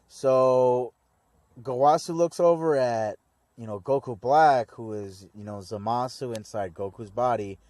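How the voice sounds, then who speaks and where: Young man, casual anime recap host, rambling, slangy, mid-pitched, dry close sound. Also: measured pace, darkish tone, dry recording. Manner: rambling and slangy, voices the characters in mock paraphrase. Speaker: anime review channel host.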